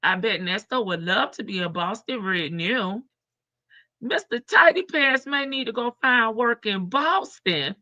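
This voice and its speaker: A woman's voice: on the high side, animated, a little slow, sharp tone, dry recording. A woman hosting a casual live stream, reading news aloud and greeting her viewers by name. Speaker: livestream host. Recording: slightly dull, dry stream audio.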